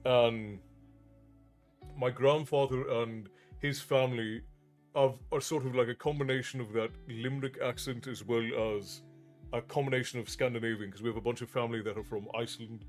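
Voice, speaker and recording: Middle-aged male streamer, from Newfoundland, Americanized accent with hints of Newfie, casual and halting, average pitch, light music behind. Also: fairly even intonation, darkish tone. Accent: Americanized with Newfoundland traces. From Newfoundland, Canada. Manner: pauses to think, frequent restarts. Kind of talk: casual chat with live chat.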